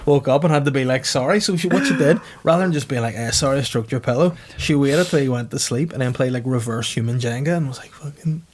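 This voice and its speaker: A man's voice: mid-range voice, a little hiss or hum. A man chatting on a comedy podcast, swearing a lot and acting out the people in his stories. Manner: swears often, acts out other people in quick bursts. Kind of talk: casual comedy podcast banter.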